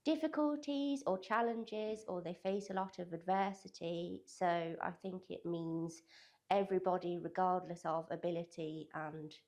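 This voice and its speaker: Lower-voiced young woman, hedging interview talk. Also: fairly even intonation, moderate pace, darkish tone. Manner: loose, hedging talk full of "kind of" and "sort of". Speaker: digital communications apprentice at a college. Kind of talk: interview answers.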